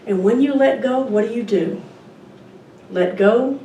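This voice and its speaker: A woman's voice: a little high, unhurried, mellow, a little hiss or hum. A woman giving an informal talk at a church service, reading from a picture book and asking the audience questions. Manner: conversational, asks the audience questions. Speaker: guest speaker at a church service. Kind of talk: informal sermon with a picture book read aloud. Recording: echoey room, distant mic, faint ambience.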